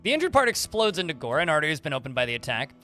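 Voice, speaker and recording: A man's voice: a little high, sing-song, very fast, pushed and bright, faint music behind. A man streaming a video game, reading the combat log aloud with many fillers and restarts while chatting with viewers. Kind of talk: livestream gameplay commentary.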